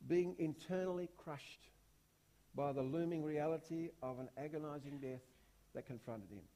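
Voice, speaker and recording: At a moderate pace and in a somewhat high voice, a man delivers a sermon, pressing his points through repeated rhetorical questions. His volume swings dramatically between hushed and loud.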